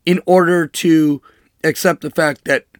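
A man's voice: a little high, fairly even intonation, measured pace, no room sound, clean studio sound. A man hosting a political commentary show, talking in an emphatic, sarcastic monologue and mocking with air quotes. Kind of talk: opinionated monologue.

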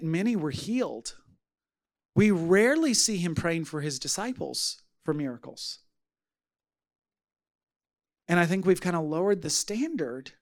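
A man preaching a sermon as pastor, telling a story with lively acted-out voices. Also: fairly high pitch. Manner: animated storytelling, acting out voices.

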